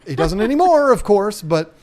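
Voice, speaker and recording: A man with a drawl chats easily on a live stream, his voice sitting a bit high. He rambles along in a folksy way, dropping lots of ums and uhs as he talks. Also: sing-song, normal speed, a little mellow. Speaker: aquarium channel host. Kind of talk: casual live-stream chat.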